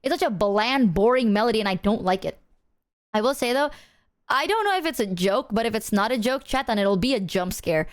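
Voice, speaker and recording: A woman's voice: a little high, expressive, fairly quick. A woman streamer chatting casually with her viewers, playful and swearing freely, breaking into silly sung bits.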